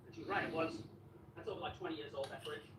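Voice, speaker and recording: A man's voice: on the high side, quick pace. A man chatting casually in his kitchen while cleaning, telling a rambling, repetitive story. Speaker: vlogger. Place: home kitchen. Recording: echoey room, distant mic, background noise.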